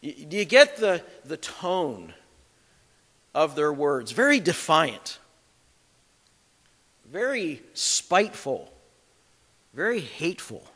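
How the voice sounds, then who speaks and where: Bright-voiced man preaching in a hall. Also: fairly high pitch, very animated, slow pace, pauses often. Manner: emphatic, reads scripture aloud with commentary. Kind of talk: expository sermon.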